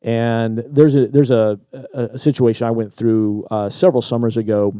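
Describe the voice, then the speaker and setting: A man co-hosting a podcast, casually telling a personal story with lively asides and repeated words. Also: mid-range voice, moderate pace, clean tone, dry recording, studio quality. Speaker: podcast co-host. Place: Traverse City, Michigan.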